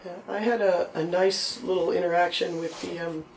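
A hoarse woman on a podcast, telling lively, laughing convention stories. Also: fairly low pitch, moderate pace, reverberant, distant mic, a crowd in the background, rough recording. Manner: animated, laughing storyteller. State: hoarse from losing her voice. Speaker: podcast co-host. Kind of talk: casual convention recap chat.

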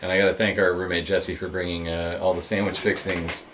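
A man hosting a casual group chat, telling animated stories. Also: deep voice, brisk, background noise. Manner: chatty, animated storytelling.

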